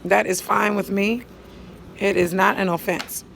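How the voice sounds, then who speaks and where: A woman teacher patiently walking students through writing a poem, counting syllables aloud and thinking out loud as she writes. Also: mid-range voice, steady tone, measured pace, vocal fry, slight background noise. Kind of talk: step-by-step poetry lesson.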